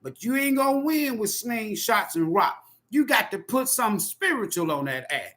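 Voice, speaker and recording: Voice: medium pitch, very animated, moderate pace, fairly bright tone. A tarot reader delivering an impassioned spoken monologue in a profane, emphatic, preachy way.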